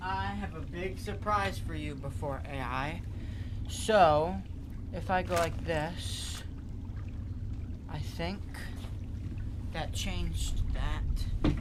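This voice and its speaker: A man talks loosely and chattily while streaming a game, reacting to viewer messages as he plays. His voice sits a little high. A steady bed of noise runs under the recording. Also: extremely slow, pauses often. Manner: chatty, reads viewer comments aloud. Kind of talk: casual live-stream chat while gaming.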